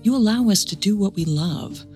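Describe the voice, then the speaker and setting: A woman co-hosting a podcast, narrating a scripted story calmly and clearly. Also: medium pitch, normal speed, faint music behind. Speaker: podcast co-host.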